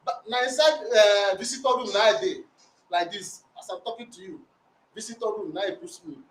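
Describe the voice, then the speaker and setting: Nigerian man with a very high voice pleading his side of a family quarrel, rambling and repetitive; distant mic in a roomy space with faint noise. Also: brisk. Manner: rambling, repetitive, animated storytelling. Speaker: complainant. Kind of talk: recounting a domestic dispute.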